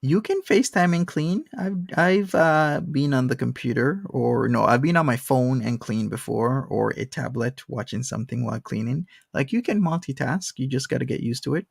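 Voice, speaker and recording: A man's voice: mid-range voice, animated, normal speed, creaky, hardly any pauses, husky, dry recording, clean studio sound. A man hosting a casual commentary stream, explaining his views steadily.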